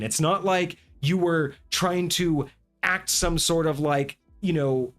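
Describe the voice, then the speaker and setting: A man hosting a tabletop gaming talk show, ranting in a casual, animated way and swearing freely. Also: a little high, normal speed, faint music behind. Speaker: podcast host. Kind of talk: casual chat.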